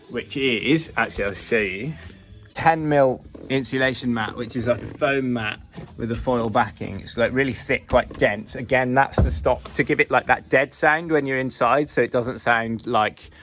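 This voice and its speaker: Soft music backs a mid-range, fairly bright male voice at normal speed. A man from the UK rambles casually through the build of his converted bus, narrating from inside it in a plain, self-deprecating manner.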